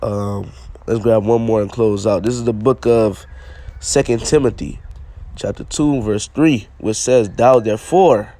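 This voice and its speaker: A man's voice: lowish voice, steady tone, unhurried, mellow. A man giving an informal sermon, reading old-style scripture aloud and explaining it in plain speech, often checking in with "all right?". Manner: repetitive, punctuates with "all right?"; reads scripture in King James English, then explains plainly. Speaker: preacher.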